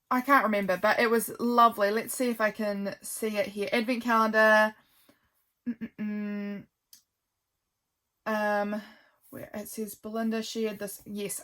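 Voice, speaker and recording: A woman's voice: mid-range voice, a bit bright. A woman, chatting casually and gushing as she flips through her handmade journal, thinking aloud. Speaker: craft vlogger.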